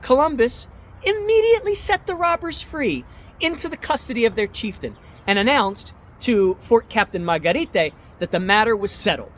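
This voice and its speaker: A man's voice: extremely high pitch, very animated, moderate pace, a bit bright, a little hiss or hum. A man narrating a history chapter in an earnest, emphatic way, citing his sources as he goes.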